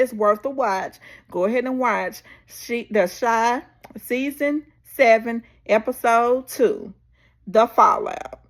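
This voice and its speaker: A woman vlogger chatting through a casual, animated recap of a TV episode. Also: a little high. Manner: chatty, animated, drawn-out storytelling.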